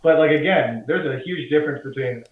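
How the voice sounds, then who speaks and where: Hesitant podcast guest on an echoey, muffled line. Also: male voice, a little high, a little fast. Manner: hesitant, searches for words. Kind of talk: casual podcast chat.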